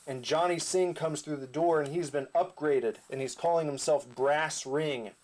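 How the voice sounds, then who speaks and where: A man's voice: fairly high pitch, moderate pace, a little mellow. A man casually recapping his own comic, rambling with asides. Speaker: comic creator.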